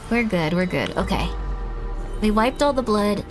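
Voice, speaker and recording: A woman's voice: mid-range voice, lively intonation, moderate pace, faint music behind. A young woman streaming a game, rambling and joking to herself, now and then breaking into panicked shrieks. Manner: rambling, self-deprecating, bursts into panicked shrieks. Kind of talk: casual gameplay commentary.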